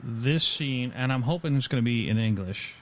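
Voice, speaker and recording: A man's voice: mid-range voice, expressive, moderate pace, slight background noise. A man co-hosting a podcast in a studio, chatting casually and rambling through stories with many fillers and restarts. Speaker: podcast co-host. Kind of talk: casual chat.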